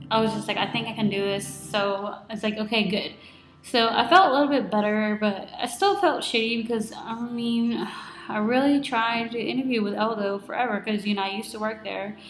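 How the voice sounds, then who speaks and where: A woman's voice: on the high side, fairly even intonation, normal speed, echoey room, faint music behind. A woman in her twenties telling her day in a casual video diary, chatty and full of "like", acting out what people said to her. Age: 20s. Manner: chatty, lots of "like", retells with quoted reactions. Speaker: vlogger.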